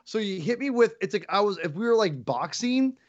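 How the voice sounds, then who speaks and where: A man with a fairly high voice tells his story in a rush of excitement, tripping over his words and restarting his sentences again and again. The sound is a little dull and lo-fi, with no room echo at all. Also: a little fast. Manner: excitable, rambling with many restarts. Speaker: podcast guest. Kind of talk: casual chat.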